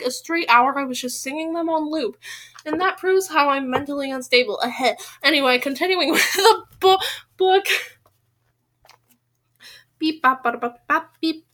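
A woman with a high, bright voice reads a novel aloud in a relaxed, chatty way. She keeps drifting off the page into animated, rambling asides before picking the story back up. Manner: animated, breaks off into rambling side comments. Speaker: reader of a novel.

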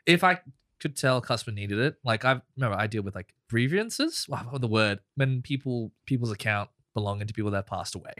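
A man's voice: medium pitch, animated, fast, pushed and bright, dry recording, clean studio sound. A man who works in telecommunications, speaking earnestly in casual chat and leaning on a lot of filler words. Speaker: podcast guest, telco worker.

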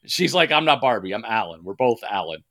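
A man's voice: lowish voice, big pitch swings, brisk, fairly bright tone. A man co-hosting a podcast, chatting casually and animatedly about movies, swearing and laughing often, with many fillers and restarts. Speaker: podcast co-host.

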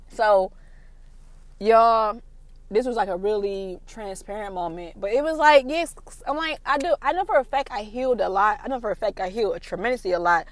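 A woman's voice: mid-range voice, a little fast, no echo. A young woman, giving an emotional faith testimony in a rambling vlog, with lots of "like". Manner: rambling, fills with "like". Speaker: vlogger.

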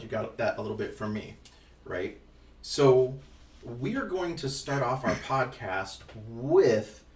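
A man co-hosting a casual podcast as a father, talking in a rambling, playful way with lots of ums and restarts. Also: mid-range voice. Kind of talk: casual chat. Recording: echoey room, distant from the mic, faint noise.

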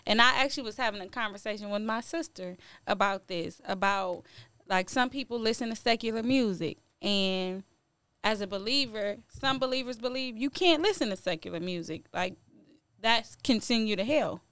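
A woman's voice: medium pitch, moderate pace, a bit bright, smooth, no echo. A woman speaking as a guest in a casual faith discussion, earnest and frank, with light laughs mid-sentence. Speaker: podcast guest.

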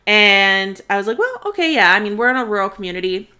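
A woman's voice: medium pitch, fairly even intonation, quick pace, bright, forceful tone. A young woman co-hosting a book podcast, telling a long story in casual chat between friends, laughing often and acting out voices, sharing one mic across a table. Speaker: podcast co-host. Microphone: one mic shared across a table.

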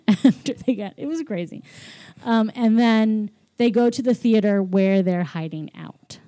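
A chatty woman recaps a film in casual conversation, jumping into the characters' lines with quick little voices. Her tone is mellow and warm, and the sound is dry and close. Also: mid-range voice, no echo. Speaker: podcast co-host.

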